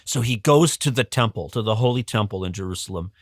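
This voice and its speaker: A man, a guest educator, telling a history story on a podcast in a casual, animated way, chuckling often and restarting his sentences. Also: fairly low pitch, quick pace, dry recording, studio quality.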